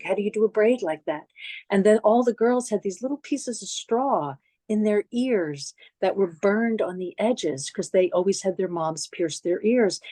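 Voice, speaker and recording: A woman's voice: fairly low pitch, warm tone, no room sound. A middle-aged woman with a New York accent, giving a memorial lecture as conversational, reflective personal storytelling with slides. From New York City. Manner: conversational, reflective, frequent restarts and asides.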